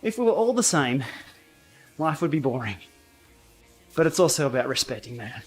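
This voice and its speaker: A man hosting a casual cycling livestream from his home training room, blunt and outspoken, quick to laugh. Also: mid-range voice, big pitch swings, slightly rough, soft background music. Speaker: cycling YouTuber and livestream host. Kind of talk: casual livestream chat while riding.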